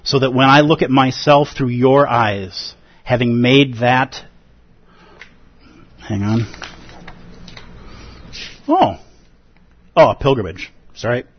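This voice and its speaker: A man, a Buddhist teacher, giving an earnest and expressive dharma talk at a retreat, acting out feelings with gasps and pauses. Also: medium pitch, slight background noise. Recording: dull lo-fi recording.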